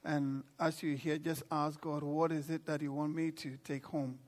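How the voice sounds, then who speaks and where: A man's voice: fairly high pitch, little pitch movement, moderate pace. A man leading a church service as pastor, calling out praise and inviting the congregation to respond. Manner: exuberant, rousing. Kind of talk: sermon, call and response.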